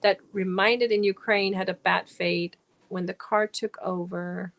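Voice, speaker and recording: Slow-talking woman, chatty host. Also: mid-range voice, steady tone, fairly bright tone. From Germany. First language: German. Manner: chatty, rambling, laughs often, reads and answers comments. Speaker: crochet channel host. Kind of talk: casual live-stream chat with viewers.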